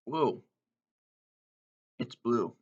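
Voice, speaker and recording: A man taste-testing candy in a casual vlog, exuberant, letting out whoops between slow, savoring remarks. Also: mid-range voice, lively intonation, husky, lo-fi sound. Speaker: candy taste-test vlogger. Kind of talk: casual taste-test commentary.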